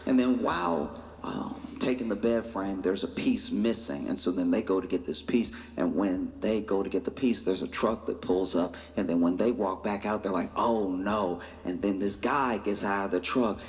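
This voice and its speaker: A man's voice: fairly low pitch, moderate pace, hardly any pauses, darkish tone. A stand-up comedian, a man, telling a story in a conversational way and briefly acting out other people's voices. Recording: reverberant stage audio with faint noise.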